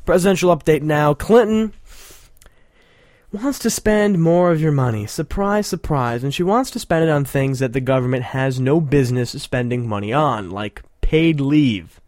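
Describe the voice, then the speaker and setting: A man's voice: fairly high pitch, moderate pace, darkish tone, no echo. Sarcastic rambling man, dry close mic. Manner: sarcastic, rambling, laughing often. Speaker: podcast host. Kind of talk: casual mocking commentary.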